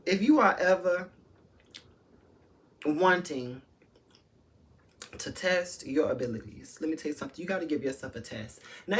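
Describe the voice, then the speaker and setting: A woman's voice: low-pitched, a little hiss or hum. A woman telling a candid, profane storytime to her viewers, chatty and addressing them directly. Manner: chatty, many fillers and restarts. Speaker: vlogger. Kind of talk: storytime vlog.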